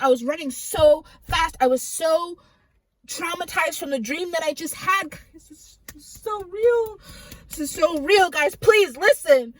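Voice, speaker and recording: A woman tells a personal story with urgent intensity. Her voice sits high and sometimes cracks with tears. The sound is close and dry, with no room around it. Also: dry recording, low-quality recording. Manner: fervent and urgent, voice breaking into tears. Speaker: Christian video host.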